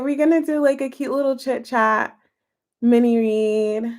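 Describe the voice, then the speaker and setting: A woman's voice: fairly high pitch, unhurried, a little mellow. A woman tarot reader chatting casually with her live-stream viewers, giggly and chatty as she answers their comments.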